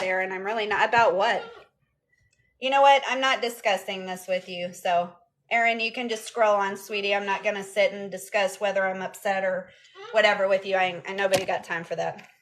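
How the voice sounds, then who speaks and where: Speaking at a medium pitch with a fairly bright tone, a woman chats casually on a phone livestream, reading out and answering viewers' comments, recorded through the phone camera.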